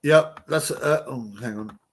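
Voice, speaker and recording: A man's voice: medium pitch, a little slow. A man hosting a casual live watch-along, commenting and reading chat in a rambling, crude way. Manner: crude, rambling, chuckling at his own jokes. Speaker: livestream host.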